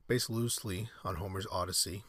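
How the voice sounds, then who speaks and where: A man's voice: low-pitched, steady tone, brisk, pushed and bright, slightly rough, no echo, clean studio sound. A man reading aloud in a casual podcast, often breaking off into rambling, self-correcting asides. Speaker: solo podcaster.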